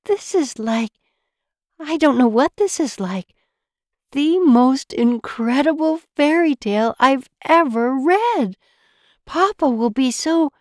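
A woman's voice: a little high, lively intonation, takes it slowly, darkish tone, no echo, studio quality, voice pushed up. Belle, a woman reading a wondering young woman. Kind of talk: storybook reading.

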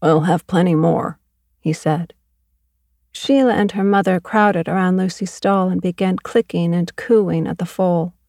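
A woman narrating a first-person audiobook in a measured, even way. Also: fairly low pitch, no echo, studio quality.

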